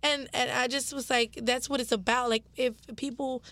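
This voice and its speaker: A woman who works in foster care, talking in an emotional, animated way during a casual interview. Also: high voice, moderate pace. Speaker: foster care agency staff.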